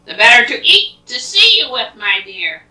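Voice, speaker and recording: A woman's voice: a little high, big pitch swings, moderate pace, pitched above the performer's own voice, full character voice. A woman voicing a sly big bad wolf. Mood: gloating. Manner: loud, sing-song storybook delivery. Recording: roomy, distant home recording.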